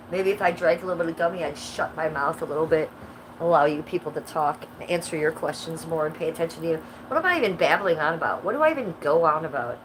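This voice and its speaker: Brash, profane woman in her fifties. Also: fairly low pitch. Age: 50s. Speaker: livestreamer. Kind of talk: casual livestream chat. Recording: steady background noise.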